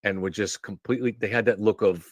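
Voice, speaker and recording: A man with a lowish voice rambles through a story on a live stream, restarting sentences and drifting into asides. The sound is close and dry, with no room echo. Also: steady tone, fast talker, highs cut off. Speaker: show host. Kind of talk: casual monologue on a live stream.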